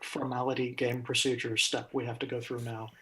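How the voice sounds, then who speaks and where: A man narrating as game master of a tabletop role-play game, with calm, measured narration addressed to the players. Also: medium pitch, slight background noise.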